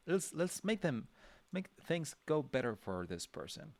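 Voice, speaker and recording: A man's voice: medium pitch, wildly swooping pitch, moderate pace, creaky, a little mellow. A man giving a casual livestream drawing lesson, thinking aloud with many fillers and restarts as he sketches. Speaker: drawing instructor.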